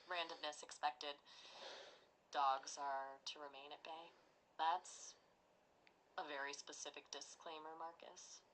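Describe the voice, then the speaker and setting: A woman co-hosting a casual podcast who speaks with an accent and reacts in a dry, measured, neatly phrased way. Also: low voice, level tone, a bit bright, slight background noise, rough recording. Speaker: podcast co-host. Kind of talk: casual chat.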